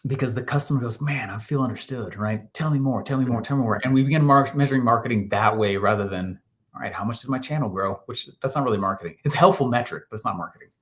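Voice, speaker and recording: Give me an animated man guest who laughs often and acts out quotes. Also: medium pitch, quick pace. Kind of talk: storytelling interview answer.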